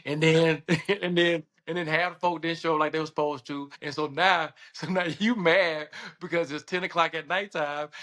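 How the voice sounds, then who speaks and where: Bright-voiced Southern man telling lively stories. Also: fairly high pitch, moderate pace. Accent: Southern American. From American South. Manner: animated, laughing often, acting out voices in anecdotes. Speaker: podcast guest, surgeon and state senator. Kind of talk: casual storytelling conversation.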